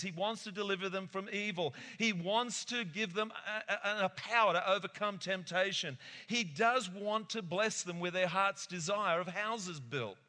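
A male pastor preaching a lively sermon, acting out little conversations and laughing often. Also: sits high. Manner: animated, acts out voices, laughs often. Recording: echoey hall.

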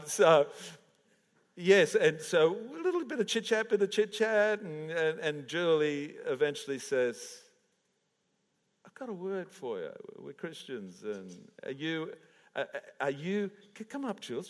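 A man preaching a sermon as pastor, chatty and laughing at first, then prayerful. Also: a little high. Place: church auditorium. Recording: church hall reverb.

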